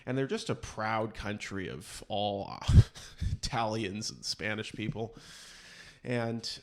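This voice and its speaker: A man's voice: lowish voice, slow. A man hosting a podcast, rambling through casual chat with sarcastic, mock-serious asides. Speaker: podcast host.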